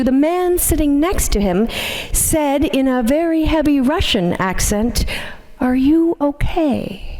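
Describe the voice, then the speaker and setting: A woman minister delivering a sermon, telling a story in a measured, gentle way. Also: high-pitched. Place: church sanctuary. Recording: long hall reverb in a church.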